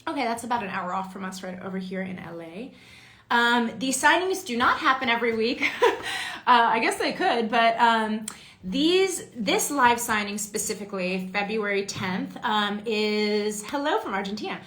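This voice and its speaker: A chatty woman with a bright, lifted voice talks casually to fans on a live stream. She greets viewers by name and reads their comments aloud. Her voice sits fairly high and rings around an echoey room. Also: expressive, normal speed. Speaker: voice and motion-capture actress hosting a fan signing.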